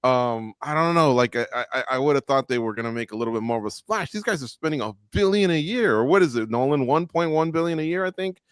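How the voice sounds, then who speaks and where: A man's voice: mid-range voice, lively intonation, quick pace, few pauses, smooth, no room sound, studio quality. A man co-hosting a live sports roundtable in casual chat, rambling and reading out viewer comments.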